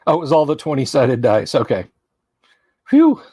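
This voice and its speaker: A man's voice: medium pitch, huge pitch swings, moderate pace, dark tone, slightly rough, dry recording, studio quality. A man hosting a casual livestream, chatty, reading viewer names aloud and laughing easily. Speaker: livestream host.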